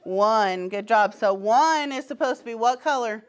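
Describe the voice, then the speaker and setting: A woman's voice: a little high, animated, a little slow. Upbeat preschool teacher, a woman. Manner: upbeat and encouraging, gives short firm directions to small children. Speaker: pre-kindergarten teacher. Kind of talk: classroom instruction. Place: classroom.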